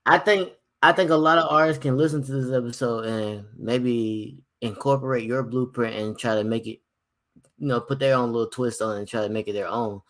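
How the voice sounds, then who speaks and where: A man hosts a casual interview at an ordinary middle pitch. He chimes in with short, encouraging affirmations and keeps the conversation easy. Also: steady tone, a little fast, a bit bright. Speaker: podcast host.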